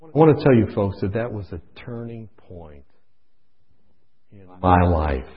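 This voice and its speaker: An impassioned man preaches a sermon, swinging between hushed storytelling and loud pleading, in a dull lo-fi recording. His voice is fairly low, expressive, and a little slow.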